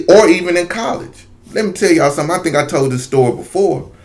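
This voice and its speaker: A man telling a long casual story straight to his viewers, rambling with many asides. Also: medium pitch. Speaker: video commentator.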